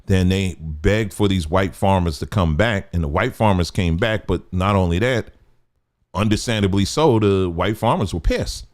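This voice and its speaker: On a livestream, a man with a low-pitched voice comments at a moderate pace. He talks emphatically, repeating his points and posing rhetorical questions.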